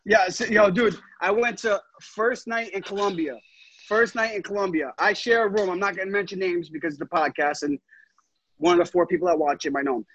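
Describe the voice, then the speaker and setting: Podcast co-host, young man, high husky voice, animated storyteller, close dry sound. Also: fairly quick, no room sound, dull audio. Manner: animated, laughs through his story, swears often. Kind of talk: casual chat, storytelling.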